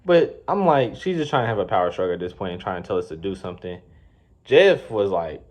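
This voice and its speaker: A man's voice: low voice, sing-song, brisk, darkish tone. A man in his twenties telling a casual, slangy story with plenty of swearing and rambling asides. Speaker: vlogger. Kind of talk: storytime vlog.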